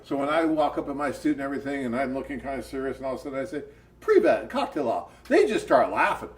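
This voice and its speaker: A man's voice: medium pitch, very fast, poor audio. Chatty American man hosting a webcast. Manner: animated storyteller, chatty and upbeat. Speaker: co-host of a dating agency webcast. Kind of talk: casual live Q&A chat.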